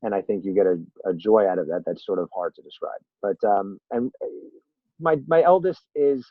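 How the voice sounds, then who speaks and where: A man's voice: on the low side, lively intonation, brisk, dry recording. A man as a podcast guest in casual interview chat, a rambling, self-deprecating storyteller who acts out quotes. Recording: tinny phone-line sound, dry.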